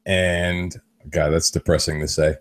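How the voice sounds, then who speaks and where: A man's voice: sits low, level tone, a little slow. A man in his thirties telling rambling stories on a podcast, swearing freely. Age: 30s. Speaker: podcast host. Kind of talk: casual chat.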